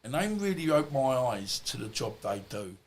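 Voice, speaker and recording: A man's voice: medium pitch, very animated, normal speed. Middle-aged man telling rambling anecdotes. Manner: rambling, anecdotal, blunt and colloquial. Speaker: podcast guest. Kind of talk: storytelling in conversation.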